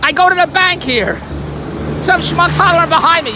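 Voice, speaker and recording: A man with a very high voice tells a rambling everyday story in a grumbling, self-amused way, his pitch bouncing up and down as he goes. He sits in a car by a busy street, and traffic noise comes through clearly behind him. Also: lively intonation, normal speed. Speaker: vlogger.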